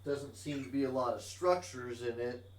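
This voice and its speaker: A man's voice: mid-range voice, moderate pace. A man streaming a modded block game in virtual reality, talking casually to himself about his plans and humming tunelessly while he works. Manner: chatty, hums tunelessly to himself while working. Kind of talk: casual let's-play commentary. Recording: roomy, distant mic with clear noise.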